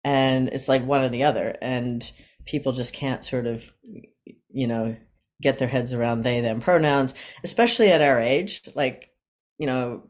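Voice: mid-range voice, normal speed. A person in their fifties sharing personal experiences in a casual, hesitant way, with many fillers and restarts. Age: 50s.

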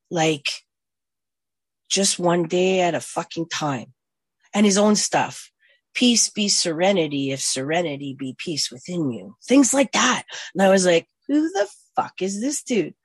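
A woman in her forties, blunt and profane, telling her own recovery story and swinging from hushed to loud. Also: deep voice, slightly rough, no room sound. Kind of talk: personal recovery testimony.

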